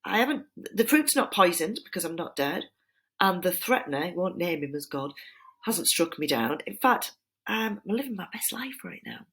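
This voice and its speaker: Sly flattering snake guy whispering sweet talk, a woman putting him on, kinda low and husky. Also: moderate pace, exaggerated voice. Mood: persuasive. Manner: wheedling, slips into breathy whispers. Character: sly flattering male serpent tempter. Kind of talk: dramatized reading of a poem.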